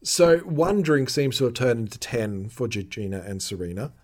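A man, hosting a podcast in casual chat and recapping episodes in a jokey, animated way. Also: medium pitch, moderate pace. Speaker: podcast host.

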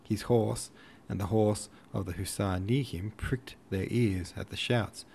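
A man narrating a classic novel in a steady, even storytelling manner. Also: lowish voice, a little slow, vocal fry, slight background noise. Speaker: audiobook narrator. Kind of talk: scripted narration.

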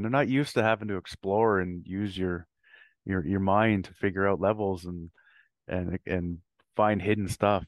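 A low-voiced man teases his host over a video call, laughing and repeating words as he argues. The sound is close and dry. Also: steady tone, measured pace, dry recording. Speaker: podcast guest. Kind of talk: casual chat.

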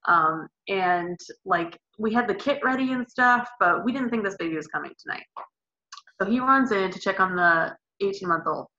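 Bright-voiced woman telling a lively story. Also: mid-range voice, moderate pace. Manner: animated, acts out her own past shouts and screams; casual, swears and says "like" often. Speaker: podcast guest telling her birth story. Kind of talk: casual storytelling. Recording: slightly dull lo-fi podcast audio.

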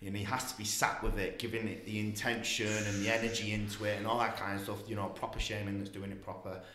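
A man, a guest telling a rambling, animated story in casual talk. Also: fairly low pitch, fast talker, roomy sound, slight background noise.

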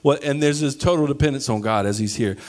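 A man in his thirties preaching a sermon, animated, sometimes breaking into high yelling as he acts out stories. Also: fast talker. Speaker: pastor.

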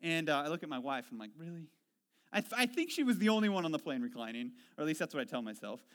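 This sermon comes rapid-fire from a Washington State pastor whose voice sits slightly high. Telling stories about himself, he's conversational and self-deprecating, sinking low and soft to reflect and growing lively as he revisits what frustrated him.

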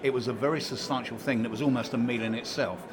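Male host, chatty and upbeat, handheld mic, loud crowd chatter behind. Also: mid-range voice, steady tone, fast talker. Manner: chatty, enthusiastic, eating while talking. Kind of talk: casual interview chat. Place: trade show hall. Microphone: handheld microphone.

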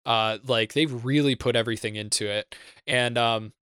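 Young guy podcast host rambling and swearing a lot, smooth clear voice, dead dry sound. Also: mid-range voice, fairly even intonation, normal speed, a bit bright, no room sound. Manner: rambling, profane, lots of fillers and restarts. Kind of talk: casual podcast chat.

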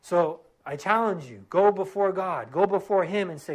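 A man's voice: high voice, expressive, moderate pace, few pauses, breathy edge. Earnest, emphatic male preacher. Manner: earnest, emphatic preaching that drops to soft prayer. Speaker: pastor. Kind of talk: sermon.

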